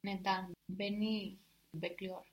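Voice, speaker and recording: Female student, very slow and unsure, sits back from the mic. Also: medium pitch, level tone, recorded from a distance. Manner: hesitant, trying out answers. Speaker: language student. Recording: voice from away from the mic.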